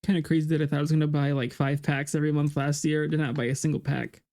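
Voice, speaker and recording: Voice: medium pitch, level tone, fast, darkish tone. A chatty streamer talking casually while playing a game, laughing between lines. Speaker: streamer reading a game aloud. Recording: game music playing behind.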